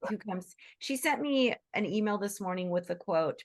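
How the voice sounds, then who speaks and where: This workshop host talks casually to her online group in an enthusiastic, chatty way, often restarting and wandering into asides while acting out quoted voices in short bursts. Her pitch is fairly low and her intonation fairly even, and she moves at a normal speed with hardly any pauses.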